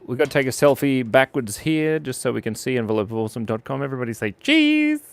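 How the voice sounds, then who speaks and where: An Australian man runs a playful live drawing stream for kids, joking with viewers as he sketches. He speaks quickly at a medium pitch with vocal fry and a slightly mellow tone, in a dry recording.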